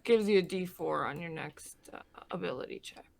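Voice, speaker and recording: A woman player in a tabletop game, talking hesitantly with many pauses. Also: lowish voice, vocal fry.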